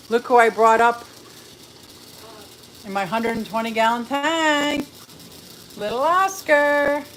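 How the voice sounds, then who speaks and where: A woman's voice: fairly high pitch, slight background noise. A woman hosting a casual home tour vlog about her fish and pets, chatty and giggly, talking to her animals and viewers while walking around a house and yard. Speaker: fish keeping channel host.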